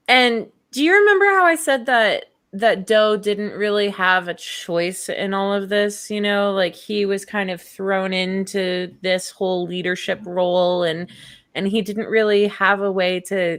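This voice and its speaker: A woman's voice: medium pitch, steady tone, unhurried, a bit bright. A young woman co-hosting a true crime podcast, telling the story casually and acting out the quotes with laughs. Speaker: podcast co-host.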